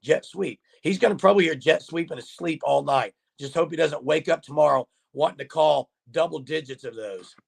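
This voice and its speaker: With a slightly high, husky voice and vocal fry, this sports livestream host talks at normal speed with few pauses. His manner is chatty and jokey as he reads viewer comments, banters with callers, and addresses the audience head-on.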